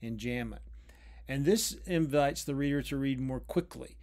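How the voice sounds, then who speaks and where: A man of ordinary middle pitch gives an unscripted lecture on poetry. He talks thoughtfully and restarts phrases as he searches for words. His pace slows deliberately on key points. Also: a little mellow. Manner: thoughtful, with frequent restarts and drawn-out pauses.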